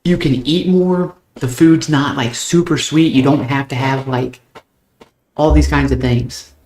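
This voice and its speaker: A young American man, chatting casually and fast with stream viewers, loose and a bit profane. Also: medium pitch, fairly even intonation, a little mellow. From United States. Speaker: game streamer. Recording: roomy echo.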